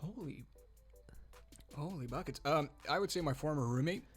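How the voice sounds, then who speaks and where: A man's voice: fairly high pitch, lively intonation, normal speed, husky, soft background music. A young man chatting casually while eating very hot wings, his voice strained and a little breathless. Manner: strained, breathless from spicy food. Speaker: youth group co-host. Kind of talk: casual hot wing challenge chat.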